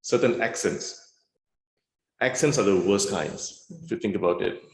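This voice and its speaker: A man's voice: on the low side, lively intonation, a little slow, roomy sound, a little hiss or hum. A man speaking frankly with dry humour as a guest on a video-call panel. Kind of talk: conversational panel talk.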